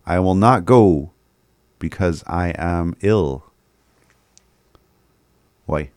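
Low, slow-talking man explaining phrases. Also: a little mellow, no room sound, clean studio sound. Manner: thinking aloud, hesitant, chuckling often. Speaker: language teacher. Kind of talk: working through a phrase list aloud.

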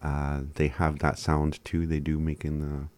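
A man giving a casual language lesson, laid-back and chuckling often as he spells words out slowly. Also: extremely low pitch, completely flat delivery, a little mellow, dry recording. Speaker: language teacher.

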